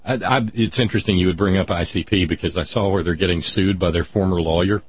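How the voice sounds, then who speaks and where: A man's voice: sits low, quick pace, husky, highs cut off. A man with a West Virginian accent hosting a call-in radio talk show, talking in a wry, drawling way that thinks aloud with restarts.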